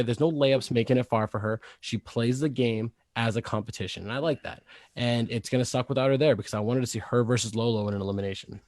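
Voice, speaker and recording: A man's voice: medium pitch, a little mellow, no echo, studio quality. A man co-hosting a podcast, chatting casually and filling his talk with "like". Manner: quick, chatty, lots of "like". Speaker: podcast co-host. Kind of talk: casual chat.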